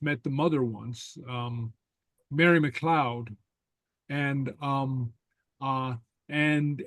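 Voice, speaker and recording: A man leads an online language class over a video call, talking in a rambling, relaxed way full of "uh"s and chuckles. His voice sits a touch high and sounds dry and close, with no room around it. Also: dry recording. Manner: rambling, many filler sounds, laughs often. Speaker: Gaelic teacher. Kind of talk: casual online class chat.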